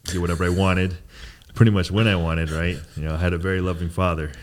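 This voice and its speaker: A man's voice: low-pitched, steady tone, quick pace. A young man co-hosting a podcast, talking in a rambling, reflective way and often tagging his points with "right?". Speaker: podcast co-host. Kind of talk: casual chat.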